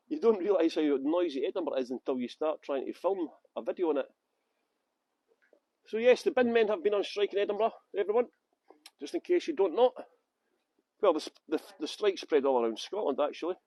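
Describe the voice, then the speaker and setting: A man's voice: high-pitched, expressive, moderate pace, pauses often, mellow, no room sound, lo-fi sound. A man from West Yorkshire working as a tour guide, chatting and joking with viewers by name on a live-streamed walking tour outdoors on city streets. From Halifax, West Yorkshire, England.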